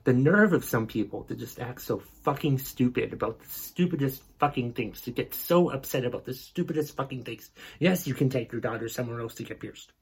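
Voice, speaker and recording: Husky man ranting angrily. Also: medium pitch, a little fast, hardly any pauses. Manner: angry, exasperated, heavy swearing. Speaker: podcast host. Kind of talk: profane rant podcast.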